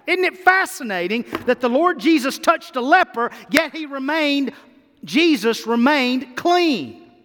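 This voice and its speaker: A man preaching a sermon as a pastor, swinging between loud emphasis and quick quiet stretches. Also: very high voice, very animated. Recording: long hall reverb.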